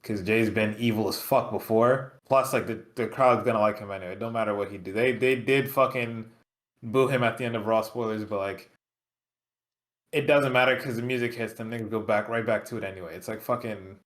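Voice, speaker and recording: A man with a fairly low voice talking casually through wrestling booking ideas on a podcast. His manner is relaxed and profane, and he often trails off and restarts mid-thought. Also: brisk. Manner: laid-back, profane, musing. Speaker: podcast co-host.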